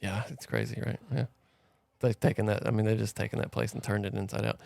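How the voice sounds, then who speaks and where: A man's voice: on the low side, steady tone, quick pace, gravelly, darkish tone, no room sound, clean studio sound. A male podcast co-host chatting casually in a laid-back way. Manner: laid-back, reads listener reviews aloud.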